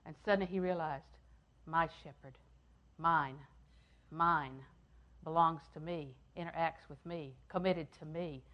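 Older female preacher with a slightly low voice, repetitive and emphatic, dropping to a hush. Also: steady tone, unhurried, highs cut off. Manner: repeats phrases for emphasis, swings from loud to hushed. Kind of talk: sermon.

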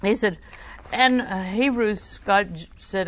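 A woman's voice: medium pitch, slow. A woman preaching a sermon, telling a story and quoting scripture, asking the listeners questions as she goes.

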